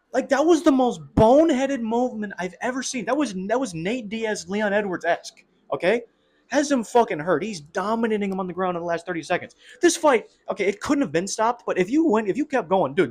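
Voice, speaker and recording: Excitable swearing young man talking fights. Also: sits high, fairly quick. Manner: excitable, swears a lot, uses slang. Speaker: MMA commentator. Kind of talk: casual fight breakdown.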